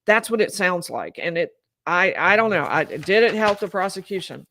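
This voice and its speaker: A woman giving animated, incredulous commentary while recapping trial testimony and acting out quoted dialogue. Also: on the low side, moderate pace, a little hiss or hum. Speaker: legal commentator.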